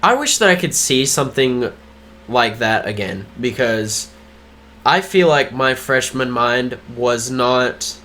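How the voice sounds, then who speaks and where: A man's voice: mid-range voice, lively intonation, slow, pushed and bright, a little hiss or hum. Easily distracted young man, casual podcast. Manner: easily distracted, teasing, laughs often. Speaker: podcast co-host. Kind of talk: casual chat.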